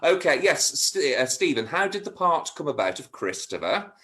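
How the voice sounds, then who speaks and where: A man's voice: on the high side, very animated, moderate pace, a bit bright. A man hosting an interview, asking questions and eagerly agreeing with his guest. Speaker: interviewer host.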